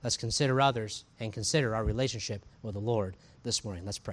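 A man, preaching a sermon in a conversational, animated way, full of asides and rhetorical questions. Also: on the low side, quick pace, hardly any pauses. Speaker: pastor.

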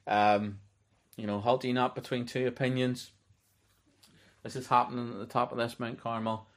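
A man giving a relaxed, unscripted Bible teaching, reading verses aloud as he goes. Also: medium pitch, moderate pace. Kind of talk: conversational sermon.

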